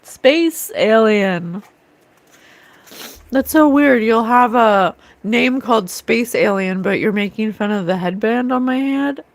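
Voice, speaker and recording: A woman hosting a psychic talk show, ranting with scorn in a loose, animated way and often mocking others in sing-song voices. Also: on the high side, normal speed, vocal fry, hardly any pauses. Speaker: psychic livestream host. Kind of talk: casual spiritual rant.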